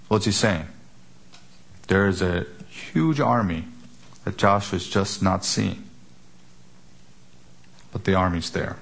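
A man preaching an expository sermon, emphatic, asking rhetorical questions and slowing down on key words. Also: lowish voice, vocal fry. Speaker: pastor.

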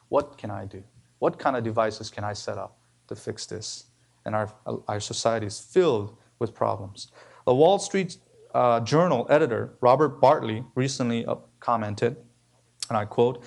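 A man preaching a sermon as pastor, emphatic, his voice rising on key words and dropping low at the ends of phrases. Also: creaky. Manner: emphatic preaching with rises and sudden drops.

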